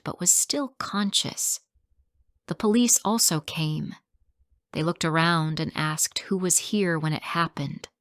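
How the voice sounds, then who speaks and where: A woman tells a first-person story for English learners, in a low voice and at a very slow, careful pace. Her sentences are short and clearly spoken. The recording is dry and close, with no room sound. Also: no echo.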